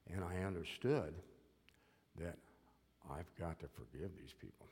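A man's voice: low voice, unhurried, darkish tone, husky, big-room sound. An older man giving an earnest personal testimony, often repeating himself and checking in with "okay?". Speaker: former prisoner giving testimony.

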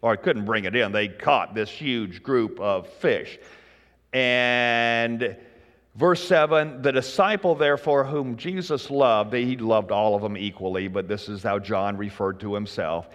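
A man preaching a sermon in a relaxed, folksy way, joking with the congregation. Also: lowish voice, measured pace, long reverb tail. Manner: folksy, conversational, jokes with the congregation. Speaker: pastor.

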